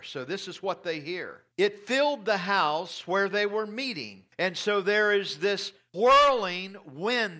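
A man preaching a sermon as pastor, reading scripture aloud and stressing key lines slowly. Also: high-pitched, bright, forceful tone.

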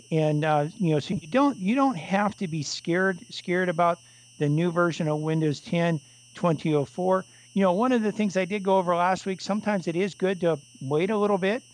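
Male radio show host, fairly high voice, loose rambling delivery full of fillers. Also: poor audio. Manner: rambling, many restarts and fillers. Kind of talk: casual call-in radio talk.

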